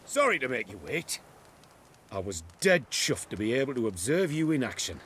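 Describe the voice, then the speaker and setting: A genteel inventor in a video game. He speaks formally and effusively, with a very lively, animated rise and fall. A faint background hum sits behind him. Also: medium pitch, normal speed. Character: genteel eager male inventor.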